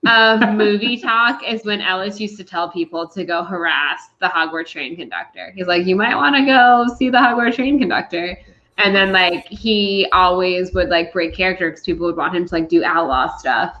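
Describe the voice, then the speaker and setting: Woman guest, bright and chatty, dull lo-fi remote audio. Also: on the low side. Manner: chatty storyteller, quick asides. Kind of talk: casual podcast chat.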